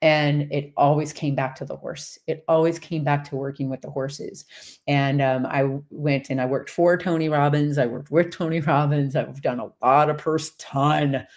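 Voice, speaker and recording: Woman, 50s, casual storyteller, loose and rambling, animated, laughs easily. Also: deep voice, moderate pace. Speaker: horse-based coach and community host.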